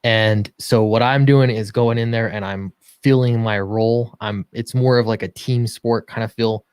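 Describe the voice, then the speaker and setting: A man's voice: mid-range voice, fairly even intonation, moderate pace, a little mellow, clean tone, dry recording. A man who writes comics, co-hosting a casual livestream and explaining his work with enthusiasm and a lot of "uh"s. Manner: enthusiastic explaining with many fillers. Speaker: comic book writer and co-host.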